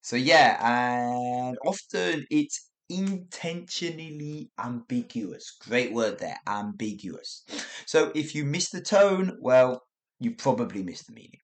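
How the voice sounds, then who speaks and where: A man hosts a podcast lesson on English. His voice rises and falls with expressive pitch as he acts out the example phrases and chuckles between points. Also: takes it slowly. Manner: lively, demonstrates tones with acted examples, chuckles often.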